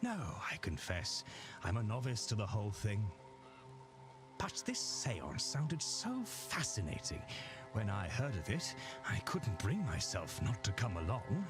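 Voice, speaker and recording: Casting: a gentle, curious older gentleman, lowish voice, clear music bed. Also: huge pitch swings, a little slow. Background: background music.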